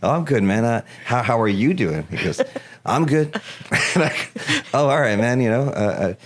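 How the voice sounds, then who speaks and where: A man in his thirties telling a story in casual chat, animated, laughing often and acting out the dialogue. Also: medium pitch, moderate pace. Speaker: guest.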